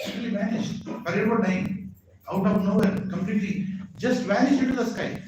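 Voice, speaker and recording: A man, telling a scriptural story as a sermon with lively asides to his audience. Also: high voice, normal speed. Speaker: spiritual speaker. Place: large hall at a community event. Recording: echoey hall, voice far from mic, faint noise.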